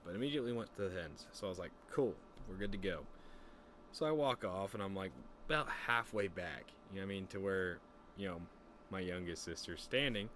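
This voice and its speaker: A man's voice: low voice, brisk, a little hiss or hum. Young man telling a rambling profane story. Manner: rambling, profane, animated quoting. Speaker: streamer. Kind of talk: casual storytelling chat.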